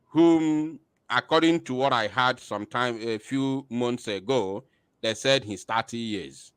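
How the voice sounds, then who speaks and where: Male host, halting emphatic commentary, slow, in a dead dry room. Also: medium pitch, fairly bright tone, smooth, no echo. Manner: hesitant, filler-laden, emphatic questions. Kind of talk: commentary on a video.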